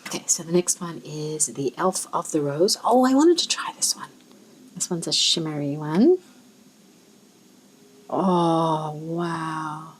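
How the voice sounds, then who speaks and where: Soft-spoken Australian woman with a husky voice. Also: deep voice, slow pace, poor audio. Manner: soft, musing, thinking aloud, exclaiming over colors. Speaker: ink swatching vlogger. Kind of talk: casual chat while swatching.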